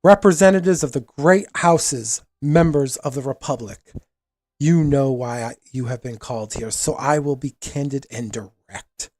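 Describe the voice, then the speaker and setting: A man's voice: medium pitch, lively intonation, unhurried, husky, dry recording. A man playing a defiant young prince. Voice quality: ringing, youthful, steely. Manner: formal, commanding speech. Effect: amplified over a loudspeaker.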